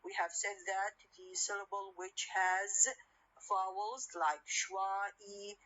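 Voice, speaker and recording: A woman's voice: medium pitch, fairly even intonation, slow, sharp tone. Hesitant woman lecturer, Arabic accent. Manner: hesitant, many fillers and restarts. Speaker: university lecturer. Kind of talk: recorded lecture. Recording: dull lo-fi recording, faint noise.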